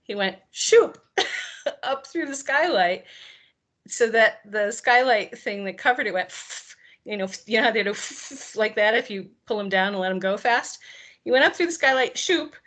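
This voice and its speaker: A woman's voice: fairly high pitch, normal speed. A woman, a guest on an interview show, telling a personal story and acting out the quoted lines of the people in it. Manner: animated, acts out quoted dialogue.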